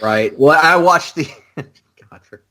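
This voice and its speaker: Male podcast co-host, fairly high voice, animated casual riffing, quick to laugh. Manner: animated, swears freely, laughs often. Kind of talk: casual chat.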